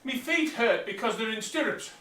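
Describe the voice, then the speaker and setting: A man's voice: extremely high pitch, lively intonation, normal speed, pushed and bright. A man talking bluntly while pedalling an exercise bike, slightly out of breath. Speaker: vlogger. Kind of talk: casual motivational talk. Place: indoor room with exercise bike. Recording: roomy sound from a distant mic.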